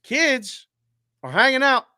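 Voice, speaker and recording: A man co-hosting a sports betting show who tells stories in an animated, profane way. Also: extremely high pitch, slow, no echo, studio quality. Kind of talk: casual sports betting chat.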